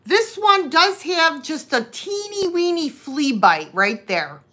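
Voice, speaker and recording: Very animated, this chatty woman runs a live vintage sale online, welcoming viewers by name as she moves between items. She talks very slowly in a bright, forceful, high voice that swoops up and down a great deal.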